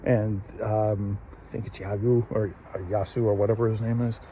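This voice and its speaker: Male host, casual solo review, mellow tone, rambling with lots of restarts, faint background noise. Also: fairly low pitch, flat delivery, normal speed. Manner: rambling, many fillers and restarts, laughs while retelling. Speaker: show host reviewing an anime episode.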